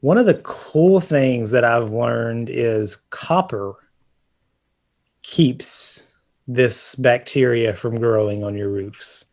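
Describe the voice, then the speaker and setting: A man with a mid-range, slightly mellow voice talks slowly as he co-hosts a laid-back home-repair podcast. He's chatting casually about roofing, explaining at length with lots of fillers and restarts.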